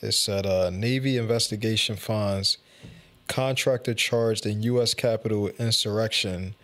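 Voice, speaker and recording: A man's voice: fairly low pitch, steady tone, measured pace, fairly bright tone. A young man in casual chat who speaks in short, laid-back remarks and laughs often.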